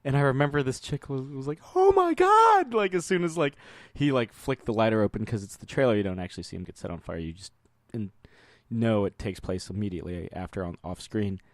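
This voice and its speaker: A man's voice: on the low side, quick pace, darkish tone, dry recording, clean studio sound. A man co-hosting a podcast, rambling loosely through casual chat, laughing often and swearing now and then. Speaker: podcast co-host.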